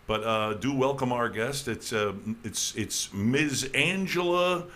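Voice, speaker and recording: A man's voice: mid-range voice, slow, bright, forceful tone. A man hosting a casual radio talk show, rambling with restarts and jokey asides, with a slight New York accent. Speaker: host.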